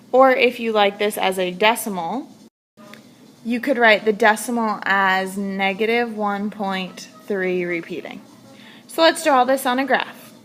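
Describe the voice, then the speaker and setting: A woman's voice: medium pitch, fairly bright tone, a little hiss or hum. A woman teaching a recorded math lesson, stressing key words as she works through examples.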